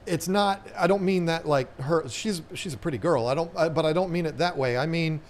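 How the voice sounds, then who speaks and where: A man's voice: a little high, fairly quick, slight background noise. A middle-aged man co-hosting a casual live stream with his wife, joking and rambling. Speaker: co-host.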